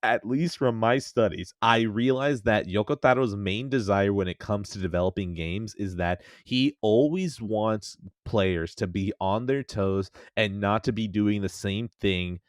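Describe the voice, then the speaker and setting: A man's voice: lowish voice, unhurried, few pauses, no echo. A man hosting a casual podcast chat, rambling and self-mocking, swearing often. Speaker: podcast host.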